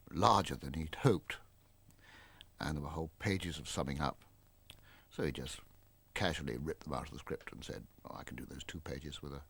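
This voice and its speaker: A man in a documentary interview telling an anecdote in a calm, storytelling manner. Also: very deep voice, dry recording.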